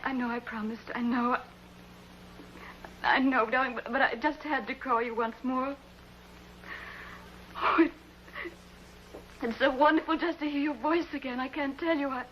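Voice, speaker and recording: A woman's voice: high-pitched, slight background noise. An actress playing a lonely, distraught woman who stammers and pleads tearfully on the telephone with her ex-lover. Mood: tearful pleading. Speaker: actress in a TV drama. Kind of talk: 1950s TV drama acting. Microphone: telephone in hand. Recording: dull 1950s TV soundtrack with score.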